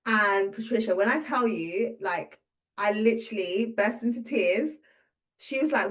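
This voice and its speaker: A woman in her thirties, a business owner and coach, telling a personal story in a casual conversation and acting out the dialogue. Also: normal speed. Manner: lively, acts out quoted dialogue with pitch jumps.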